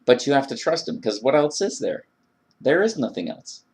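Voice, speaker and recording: A man's voice: medium pitch, big pitch swings, moderate pace, darkish tone. A man delivering an earnest, emphatic monologue about faith and frustration, acting out his own prayers. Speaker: video blogger. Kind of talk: religious rant monologue.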